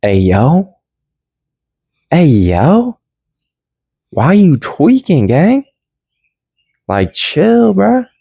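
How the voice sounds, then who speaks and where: A man's voice: on the high side, huge pitch swings, extremely slow, creaky, long pauses, dark tone, breathy edge, dry recording, clean studio sound, voice pushed up, heavily acted. A man voicing Jesus as a laid-back, slangy young guy who can't believe everyone is panicking. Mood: amused. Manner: slangy, chill, incredulous.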